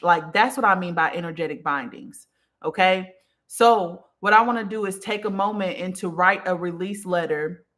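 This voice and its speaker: A woman hosting a spiritual live stream, reading viewer comments aloud in casual chat and affirming them with a steady "okay" and "period". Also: mid-range voice. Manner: affirming, repeats "okay" and "period", relaxed and chatty; yawns and sighs now and then.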